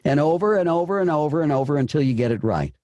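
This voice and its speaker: A man's voice: fairly high pitch, lively intonation, fast, dark tone. A man coaching voice actors, talking emphatically and often repeating and restarting his phrases. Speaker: voice acting coach. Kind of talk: coaching session.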